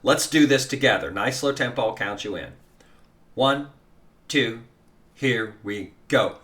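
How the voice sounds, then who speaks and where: A man's voice: medium pitch, unhurried, pauses often, a bit bright. A man teaching a guided guitar lesson, counting beats aloud and coaching the listener in a casual, encouraging way. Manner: casual, encouraging, many fillers.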